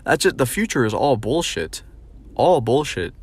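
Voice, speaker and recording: A man ranting casually, with profanity and many fillers like "like" and "you know", and mocking others in a higher voice. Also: very animated, moderate pace, a little mellow, slightly rough. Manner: mocking high-pitched imitations of others.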